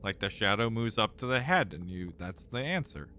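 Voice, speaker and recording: A young man streaming a game and talking to his viewers, exasperated and swearing often, swinging from loud outbursts to low mutters. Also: expressive, normal speed, a little hiss or hum. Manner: exasperated, swears a lot, repeats himself when frustrated. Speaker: gaming streamer. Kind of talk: live gameplay commentary.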